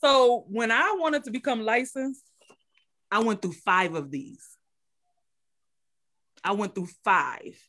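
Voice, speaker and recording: A woman's voice: a little high, slow pace, pauses often, a bit bright. Woman telling a story with emphatic repeats. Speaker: guest, daycare owner. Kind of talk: casual storytelling chat.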